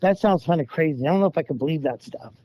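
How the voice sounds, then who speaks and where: A man tells his stories in a loose, rambling way, slipping into the voices of the people he quotes. His voice sits a little high for a man. The recording sounds dull and lo-fi. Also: expressive, quick pace, no room sound. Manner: rambling, acts out quoted voices, laughs while telling. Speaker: guest storyteller. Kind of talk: casual storytelling.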